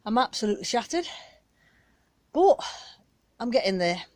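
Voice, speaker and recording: A woman's voice, a little high and sing-song with a darkish tone, moves at normal speed with no room sound. She's a British gardening vlogger rambling casually in her back garden as she films herself on a handheld phone.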